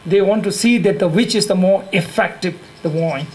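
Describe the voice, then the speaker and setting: High-voiced monk teaching with Tibetan accent. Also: male voice, a little mellow, low-quality recording. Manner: halting, repeats and corrects himself, laughs often. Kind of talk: dharma teaching with humor. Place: teaching hall.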